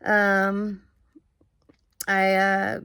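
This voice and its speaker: A young woman talking about her own experiences in a halting, earnest way, full of fillers and restarts. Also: medium pitch, monotone, a bit bright, clean tone, dry recording. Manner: earnest and searching. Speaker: vlogger. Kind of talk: casual personal monologue.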